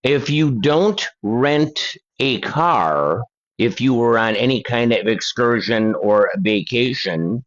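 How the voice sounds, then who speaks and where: Older male host, slow and chatty, reads viewer letters. Dull lo-fi sound. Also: mid-range voice. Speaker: paranormal channel host. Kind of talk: casual reading of letters and articles.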